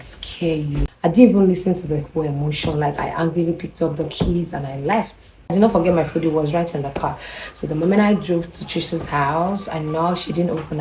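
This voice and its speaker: A young woman with a Nigerian accent telling a personal story to camera in a rambling, animated way. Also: deep voice, slight background noise, low-quality recording. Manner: rambling, animated, with restarts and quoted dialogue. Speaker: vlogger.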